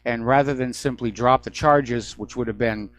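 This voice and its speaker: A man hosting a call-in radio show, talking in a relaxed, explanatory way with the odd wry aside. His voice sits in a middle range and sounds dry and close, with no room around it. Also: mid-range voice, moderate pace, no room sound. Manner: conversational, explanatory, sometimes wry. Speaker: radio talk show host. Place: Hawaii.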